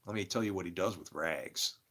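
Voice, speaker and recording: A man giving a rambling spiritual monologue, an animated storyteller. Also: low-pitched, fairly quick. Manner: animated storyteller, acts out quoted voices.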